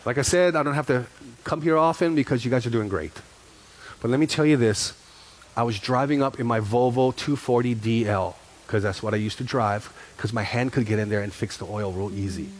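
A man's voice: mid-range voice, a little fast. Storytelling man pastor preaching. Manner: storytelling, acts out dialogue, repeats phrases for emphasis. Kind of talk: sermon.

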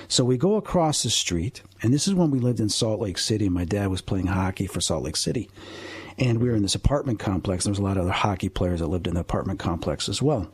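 Radio guest, male, 50s, husky mid-range voice, earnest and animated storyteller, dry sound. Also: lowish voice, fast talker, dry recording. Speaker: paranormal investigator and medium, guest.

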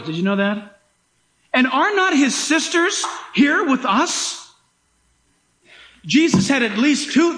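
Man, pastor, sermon, very high pitch, emphatic, roomy echo. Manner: animated, emphatic preaching, sometimes laughing.

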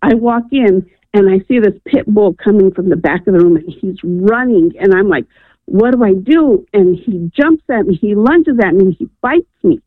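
A woman from New Mexico calls in to radio and earnestly relates a personal story in a medium-pitched, lively voice at normal speed, barely pausing yet often saying "um." Her telephone audio is tinny and dry, with no room sound.

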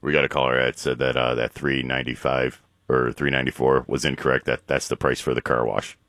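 Low voiced guy co-hosting talk radio, laid back, agrees a lot, dry close mic. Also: level tone, fairly quick, a bit bright, no room sound. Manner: easygoing, agreeable, fills with "you know". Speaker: radio co-host. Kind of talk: casual political talk radio chat.

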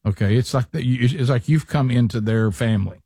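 Male talk radio host, casual, self-deprecating, mid pitch, dry studio sound. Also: fairly quick, dark tone, breathy edge, no room sound. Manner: rambling, self-deprecating storyteller with many restarts.

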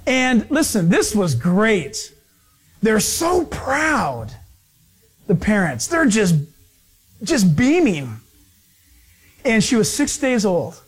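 A man with a notably high voice preaches in a relaxed, conversational way. He leans on everyday stories and acts out the people in them with animation. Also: takes it slowly, pauses often, breathy edge. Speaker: pastor. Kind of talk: conversational sermon with storytelling.

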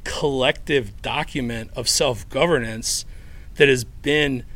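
A man's voice: mid-range voice, takes it slowly, fairly bright tone. A man from Chicago, a podcaster, answering interview questions in a playful way. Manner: playful, laughing. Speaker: podcaster and musician.

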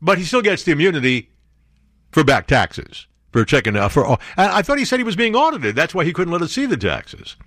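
A man's voice: on the high side, very animated, brisk, a bit bright, no room sound, studio quality. A man hosting a commentary show, reading news stories aloud and breaking in with sarcastic asides and jokes.

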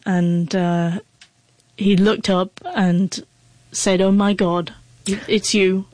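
A woman's voice: lowish voice, flat delivery, slow pace, a little mellow, no room sound. A woman with a stutter, a guest telling an emotional personal story in an interview, her speech broken by repeated sounds. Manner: emotional, heartfelt. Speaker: guest, author.

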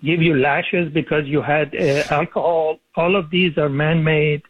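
A man calling in to a radio show, making an earnest argument with frequent pauses. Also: fairly high pitch, fairly even intonation, a little hiss or hum. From Iran. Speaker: caller. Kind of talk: phone call to talk radio. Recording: tinny phone line.

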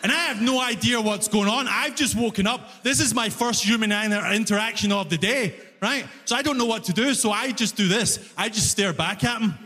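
A man doing stand-up comedy on a music hall stage, telling stories with animated exasperation, often breaking into shouts. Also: high voice, a little fast, hardly any pauses. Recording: long reverb of a concert hall.

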